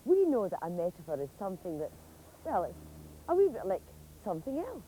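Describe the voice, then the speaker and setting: A woman's voice: medium pitch, huge pitch swings, brisk, warm tone, slight background noise, low-quality recording. A woman with a Scottish accent giving a chatty, mocking comic monologue as a presenter.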